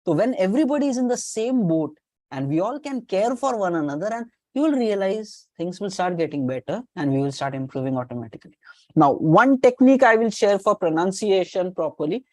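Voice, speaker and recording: A woman's voice: mid-range voice, sing-song, brisk, warm tone, dry recording. A woman with an Indian accent teaching an online class on communication skills, coaching her students, repeating key points and mixing Hindi phrases into her English.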